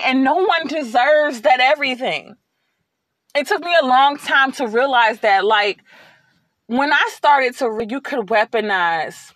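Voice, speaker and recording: A woman hosting a podcast, telling a personal story in a casual, animated way and acting out the lines she quotes. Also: on the high side, no echo. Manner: animated, repeats words, acts out quotes. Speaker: podcast host.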